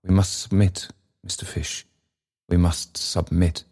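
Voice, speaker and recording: A man's voice: low voice, flat delivery, measured pace, darkish tone, slightly rough. A man voicing a smug, pompous male alderman who speaks in sanctimonious tones.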